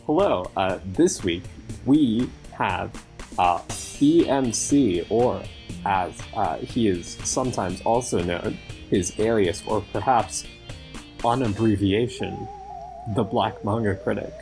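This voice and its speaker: Male podcast host, low voice, deadpan, music audible underneath. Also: slow pace. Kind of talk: casual podcast introduction.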